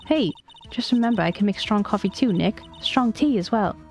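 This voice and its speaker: A cheeky young female assistant, read out by a woman, teasing her partner in a middle-pitched voice. Faint music sits quietly under the reading. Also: lively intonation, normal speed, lightly acted. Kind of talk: reading game dialogue aloud.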